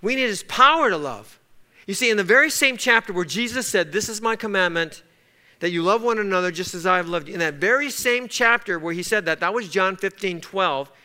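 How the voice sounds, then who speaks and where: A man's voice: high-pitched, expressive, brisk, bright, forceful tone. A man preaching a sermon, telling a story and then pressing his point with rising emphasis. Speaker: pastor.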